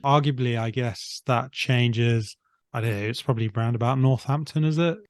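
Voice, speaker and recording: A man of middle pitch with a near-RP English accent that keeps a few northern vowels. He talks in a measured, thoughtful way, hedging his points in relaxed conversation. His voice sounds dry and close to the mic. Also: no room sound. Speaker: podcast co-host. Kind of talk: casual chat.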